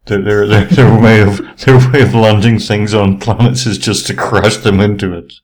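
A man's voice: on the low side, steady tone, moderate pace. A man in casual chat, jokey and chatty, often repeating words.

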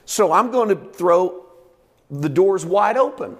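A man putting on a booming, folksy God voice. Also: animated, long reverb tail, exaggerated voice. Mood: exuberant. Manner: emphatic, drawn-out, folksy. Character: booming, big-hearted God. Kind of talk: sermon.

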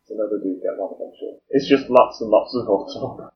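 A man co-hosting a podcast, chiming in with dry, deadpan banter. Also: lowish voice, brisk, hardly any pauses. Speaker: podcast co-host. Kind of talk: comedic banter. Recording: muffled lo-fi recording.

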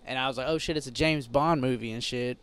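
A man's voice: medium pitch, fast, fairly bright tone, smooth. A man in casual chat as a podcast guest, rambling, with lots of fillers and cursing.

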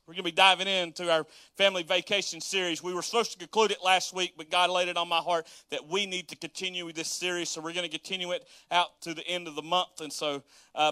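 A man preaching a sermon as pastor, animated and folksy, acting out everyday scenes with casual asides. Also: sits high, clean tone, dry recording. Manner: animated, acts out everyday scenes in quoted voices.

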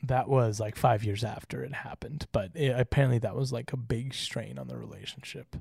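A man co-hosts a casual podcast with a gravelly, husky voice. He reads notes aloud and keeps breaking into jokes and laughter. The sound is dry and close. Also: medium pitch, fairly even intonation, fairly quick, a little mellow, dry recording. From Utah. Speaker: podcast co-host. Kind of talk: casual chat with reading.

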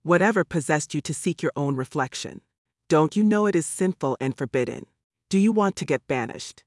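A pious old great-aunt frets and scolds in a flurry of worried questions, as a man reads her part. The voice sits a little high for a man and sounds dry and close. It comes through plainly as an audiobook character. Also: animated, normal speed, no room sound. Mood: dismissive. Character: fretful devout elderly great-aunt woman.

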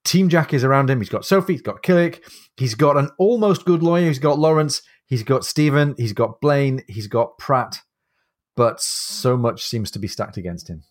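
A man's voice: medium pitch, lively intonation, moderate pace. A man co-hosting a podcast about a novel. He recaps the plot in plain, easy conversation. He breaks in with short, encouraging replies while his partner talks. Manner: brief encouraging interjections, sums up the plot. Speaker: podcast co-host. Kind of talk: casual book-discussion chat.

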